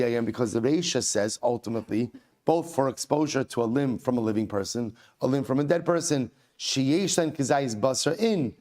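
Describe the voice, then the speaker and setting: A rabbi teaches a Talmud passage with a gravelly edge to his voice. He reads the quoted lines and then walks through them, posing questions and answering them himself. He keeps repeating key points so they stick. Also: medium pitch, darkish tone. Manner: asks and answers his own rhetorical questions; reads Aramaic and Hebrew quotes, then paraphrases. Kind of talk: Talmud lesson, explaining aloud.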